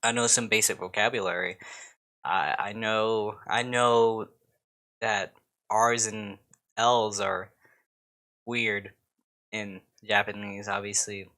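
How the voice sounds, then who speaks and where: A man's voice: on the low side, steady tone, takes it slowly, long pauses, pushed and bright. A man from the United States rambling casually to camera as a YouTuber, swearing often and poking fun at himself. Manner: rambling, swearing and self-mocking. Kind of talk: casual vlog chat.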